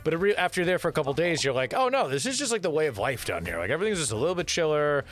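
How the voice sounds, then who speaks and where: A man's voice: a little high, very fast. A young man from New Jersey hosting a podcast, chatting casually and rambling with many restarts. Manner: animated, rambling, restarts sentences. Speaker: podcast host. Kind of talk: casual chat.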